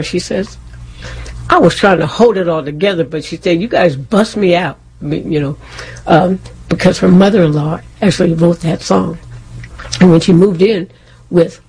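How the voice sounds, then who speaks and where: A woman with a very husky, breathy voice tells a personal story on a faith talk show. Her tone is mellow and soft. She brings it to life by acting out the quotes. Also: lowish voice. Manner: animated, acts out quotes, laughs often. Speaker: co-host.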